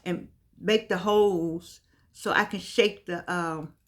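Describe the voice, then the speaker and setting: A woman with a low-ish voice and a steady tone takes her time as she vlogs. Her talk is chatty and wanders, regularly circling back to repeat earlier points. Because of missing teeth, a few of her words sound slightly slurred.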